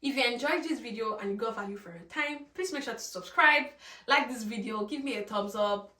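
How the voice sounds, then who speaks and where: A woman's voice: a little high, a little fast, sharp tone, roomy sound, distant mic. A woman from Nigeria with a Nigerian accent, chatting casually in her vlog and using lots of fillers. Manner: chatty, conversational, many "like" fillers. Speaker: vlogger. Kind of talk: casual chat.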